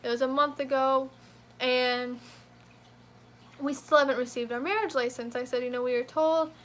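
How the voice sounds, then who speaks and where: A young woman telling a profane, animated story in a casual storytime rant. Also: high voice, a little hiss or hum. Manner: profane, animated, quick to flare up. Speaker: vlogger.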